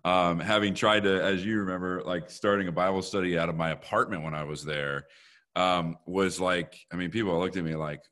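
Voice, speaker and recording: Deep young man, casual chat, rambling, lots of "like", laughs easily. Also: steady tone, fairly quick, a bit bright. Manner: rambling, laughs often, hedging with "like". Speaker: interviewer. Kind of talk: casual conversation.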